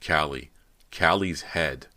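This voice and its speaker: Very deep-voiced man narrating horror. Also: slow pace, sharp tone. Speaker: audiobook narrator.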